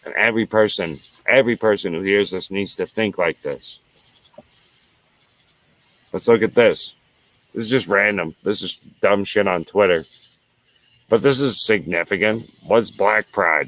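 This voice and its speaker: A man with a low voice and a fairly bright tone hosts his own American show. His solo tirade is angry and profane, heated throughout and full of repeated lines.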